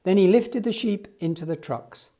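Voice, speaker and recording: A man reading a children's storybook aloud in an expressive storytelling manner. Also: high-pitched, moderate pace. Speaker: storybook reader.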